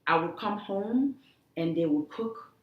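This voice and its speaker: A woman being interviewed, talking earnestly and haltingly, with many restarts. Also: mid-range voice, animated, narrow, tinny audio. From The Gambia. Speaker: guest, cancer survivor. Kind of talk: emotional interview talk. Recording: echoey room.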